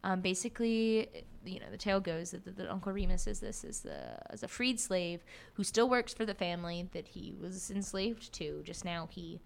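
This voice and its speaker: Animated young woman with a lively voice. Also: fairly low pitch, normal speed, gravelly, few pauses. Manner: animated, many fillers and restarts. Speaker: podcast co-host. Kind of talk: casual book discussion.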